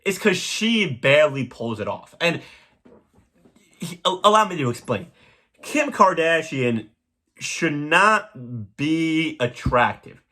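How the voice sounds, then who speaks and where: A young man hosting a podcast, delivering a crude, rambling comedic monologue with sudden loud jumps. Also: a little high, big pitch swings, slow pace. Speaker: podcast host.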